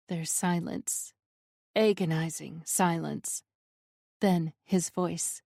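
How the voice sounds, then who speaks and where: Female narrator, slow intimate romance read, breathy pleading delivery, dry studio sound. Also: on the low side, fairly even intonation, mellow, dry recording. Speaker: audiobook narrator. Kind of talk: first-person romance audiobook narration.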